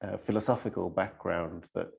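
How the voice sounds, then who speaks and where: Low husky guy asking a poet questions, kinda dark mellow voice. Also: fairly even intonation, normal speed. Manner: attentive, brief affirmations, thoughtful questions. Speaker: interviewer. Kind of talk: conversational interview.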